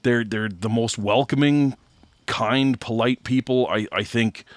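A man's voice: mid-range voice, unhurried, no echo. A man from Canada co-hosting a podcast, who rambles and repeats words as he talks. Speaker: podcast co-host. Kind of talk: casual podcast chat.

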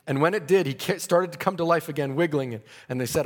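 A man's voice: a little high, quick pace, hardly any pauses, husky, big-room sound. A man preaching a sermon, telling a story dramatically and breaking into praise.

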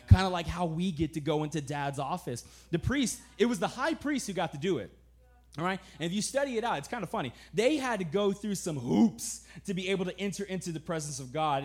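A young man preaching a sermon in a casual, animated storytelling way, often laughing, then dropping to a soft, slow, earnest tone. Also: a little high.

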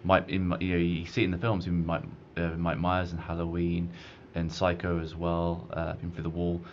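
A man speaking as an academic guest on a radio show, in measured scholarly phrasing. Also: low voice, monotone, highs cut off, a little hiss or hum. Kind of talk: studio discussion.

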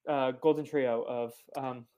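A man with a mid-range voice talks as a guest on a podcast. He retells scenes in a relaxed way, with plenty of fillers. His speech is loose and conversational. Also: medium pitch, unhurried. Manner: recaps plot with many fillers, relaxed. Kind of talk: casual chat.

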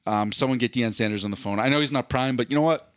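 A man's voice: mid-range voice, quick pace, no room sound, clean studio sound. A man co-hosting a podcast who tells a long story in casual, profane chat and acts out voices as he goes. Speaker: podcast co-host.

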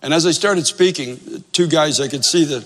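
A man's voice: on the high side, moderate pace, long reverb tail, very noisy. A male pastor in his fifties telling a story in a sermon, conversational and self-deprecating, repeating phrases for emphasis.

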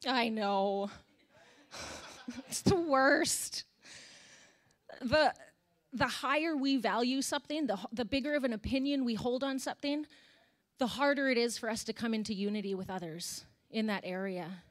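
A woman's voice: on the high side, a little fast. A young woman, a worship leader, preaching a candid, conversational sermon with sighs and emotional moments.

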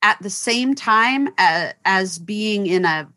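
A woman's voice: mid-range voice, lively intonation, takes it slowly, bright, forceful tone, no room sound, clean studio sound. A woman guest in a casual chat about theater, talking in an earnest way and laughing easily.

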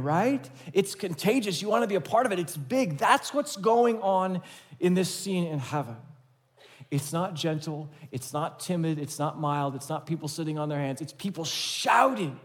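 A man's voice: high voice, expressive, normal speed. A male pastor preaching a sermon in an emphatic, conversational way, asking his listeners rhetorical questions.

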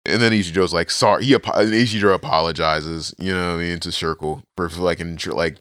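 Podcast co-host, male, low and smooth, loose slangy recap style with quick character voices. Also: steady tone, fairly bright tone, no room sound, studio quality. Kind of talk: casual chat recapping a manga.

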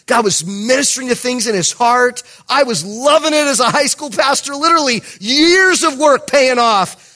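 High-voiced, animated male preacher. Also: normal speed. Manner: animated storytelling, acts out dialogue, emphatic. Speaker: pastor. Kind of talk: sermon.

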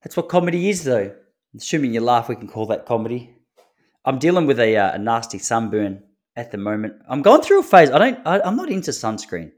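A man hosts a solo podcast, spinning loose comic stories. His voice sits at an ordinary mid pitch, relaxed and chatty, and he chuckles at his own jokes as he goes. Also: brisk. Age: 30s. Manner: laid-back storytelling with chuckles. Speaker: podcast host. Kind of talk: solo comedic podcast monologue.

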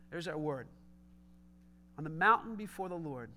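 A man preaching a sermon, swinging between loud emphatic lines and hushed low asides, often asking the congregation direct questions. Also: animated, normal speed. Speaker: pastor.

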